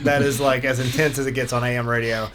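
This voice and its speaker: A man's voice: medium pitch, level tone, quick pace, noisy background. A man hosting a radio talk show, chatting casually and joking in a rambling way. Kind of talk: casual panel chat.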